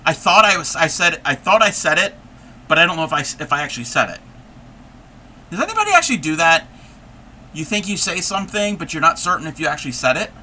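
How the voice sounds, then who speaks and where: Chatty man, bright and sharp. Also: a little high, animated, fast talker, a little hiss or hum. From United States. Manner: rambling, chatty, laughs often. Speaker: livestream host. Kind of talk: casual livestream chat while crocheting.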